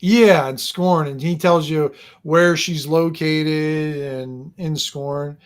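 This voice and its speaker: A man narrating a tabletop game as game master, rambling and halting with lots of fillers. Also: on the high side, fairly even intonation.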